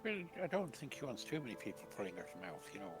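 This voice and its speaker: A man's voice: lowish voice, fast talker, soft background music. A man playing a tabletop game, joking and casual. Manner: joking, lively. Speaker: player.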